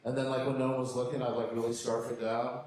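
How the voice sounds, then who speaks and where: A man's voice: flat delivery, fast talker, darkish tone. A man performing a stand-up comedy set with a campy, sassy delivery. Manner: campy, sassy punchlines with high squealing voices for quoted lines. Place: comedy club stage. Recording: echoey club with audience noise. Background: audience laughter.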